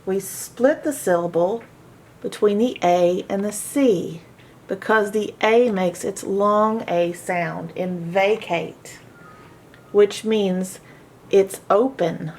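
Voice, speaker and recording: Slow, deliberate woman teaching phonics. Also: medium pitch, darkish tone. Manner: slow, deliberate, repeats words for practice. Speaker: reading teacher. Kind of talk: phonics lesson.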